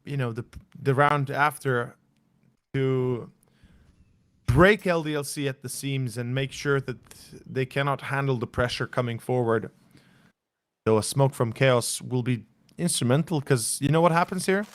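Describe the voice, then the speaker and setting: A man doing live color commentary on an esports match, excitable and playful. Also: medium pitch, unhurried, dry recording. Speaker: esports co-caster.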